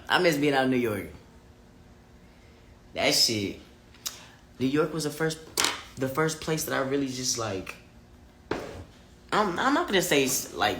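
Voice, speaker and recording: A man's voice: mid-range voice, a bit bright, roomy sound, slight background noise. A man livestreaming casual chat to his viewers and reading their comments, candid, profane and emphatic. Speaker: vlogger talking live to viewers.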